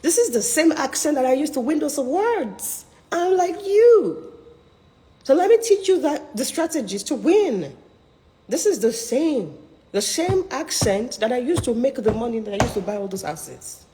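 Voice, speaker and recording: A middle-aged woman coaching on careers, talking in an emphatic, persuasive, almost preacher-like way. Her pitch sits fairly high and swoops widely. Her voice rings out with a long, echoing reverb. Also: very animated, normal speed, warm tone. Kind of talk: live online coaching talk.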